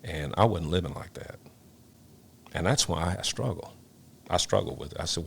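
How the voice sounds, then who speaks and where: This is an older man, a retired firefighter looking back in a sit-down interview. His voice sits very low with a rough, gravelly edge. He talks in halting bursts, repeating and restarting words as emotion breaks through. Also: lively intonation, fairly bright tone, a little hiss or hum. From Memphis, Tennessee, US. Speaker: retired fire lieutenant.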